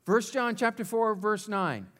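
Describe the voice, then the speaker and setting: A man's voice: high-pitched, lively intonation, unhurried, a bit bright. A male pastor preaching a sermon, asking rhetorical questions and leading the congregation in call-and-response.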